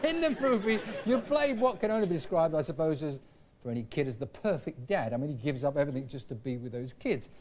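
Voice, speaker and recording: Quick talk-show host. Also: male voice, on the high side, expressive, darkish tone, some chatter behind. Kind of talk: TV interview questions.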